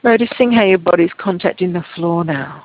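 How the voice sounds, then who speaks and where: A woman teaching a Feldenkrais movement lesson over a video call, giving calm, gentle, unhurried instructions. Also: lowish voice, no echo. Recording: tinny, phone-like call audio, dry.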